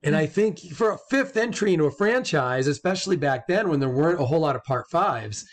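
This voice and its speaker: A man's voice: fairly high pitch, brisk. A man co-hosting a casual movie chat, rambling and profane, tripping over repeated words. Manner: loose, profane, rambling with restarts; stumbling repeats when excited. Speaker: co-host.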